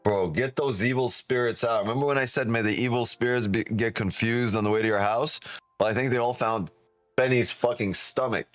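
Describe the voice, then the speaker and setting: A man's voice: mid-range voice, fairly even intonation, a little fast, no room sound. Profane, joking man streaming live. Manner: loud, profane, joking, laughs often. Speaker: day trading streamer. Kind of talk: casual live stream chat.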